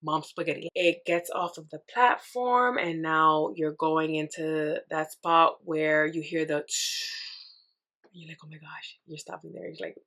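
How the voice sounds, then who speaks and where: Young woman podcaster, bright voice, talking to you like a girlfriend, super animated, voice sits a bit low. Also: unhurried. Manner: chatty, animated storytelling, acts out her own reactions; says "girl" and "like" often. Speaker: podcast host. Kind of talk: casual solo podcast talk.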